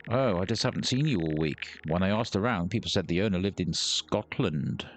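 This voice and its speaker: A man's voice: low voice, lively intonation, normal speed. A man recording let's play commentary on a headset mic, joking, swearing and mocking the game's characters. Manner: jokey, swears, mocks the characters. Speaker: gaming YouTuber.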